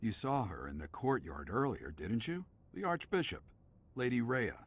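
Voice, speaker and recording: An actor playing a gruff, world-weary, middle-aged mercenary father who speaks bluntly. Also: medium pitch, huge pitch swings, normal speed, full character voice. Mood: wistful. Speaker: mercenary father returning to the knights.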